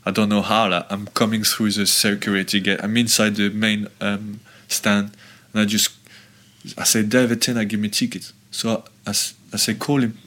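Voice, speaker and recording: A man's voice: lowish voice, moderate pace. A man, a former footballer, guest on a podcast, telling long rambling anecdotes with lots of fillers. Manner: rambling, filler-heavy, animated storytelling.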